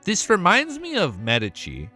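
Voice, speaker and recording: A man reading a webnovel aloud and reacting casually, swearing often and breaking into excited outbursts. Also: high voice, normal speed, breathy edge, faint music behind. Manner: swears a lot, excitable outbursts between read passages.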